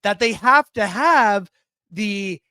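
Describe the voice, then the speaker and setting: A woman's voice: mid-range voice, lively intonation, slow pace, bright, forceful tone, no room sound. A woman hosting a casual podcast discussion, talking conversationally and sometimes searching for her words. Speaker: podcast host.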